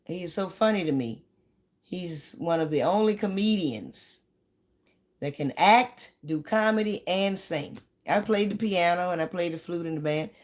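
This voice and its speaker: A woman comedian telling stories in a chatty, rambling way, now and then breaking into sudden shouts and sung bits. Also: on the low side, unhurried. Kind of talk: casual stand-up storytelling.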